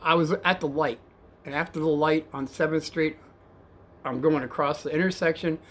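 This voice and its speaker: A man who used to drive a cab, telling a story casually and softly, with a rambling manner and calling his viewers kids. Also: fairly high pitch, fairly even intonation, normal speed. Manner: soft-spoken and rambling, addresses viewers as kids.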